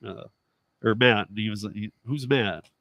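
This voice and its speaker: A man in his thirties hosting a casual talk show, telling a story with lively acted-out dialogue. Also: fairly low pitch, moderate pace, vocal fry, no room sound. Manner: animated storytelling, acts out quoted dialogue, laughs often. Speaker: podcast host, rideshare driver. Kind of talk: casual chat.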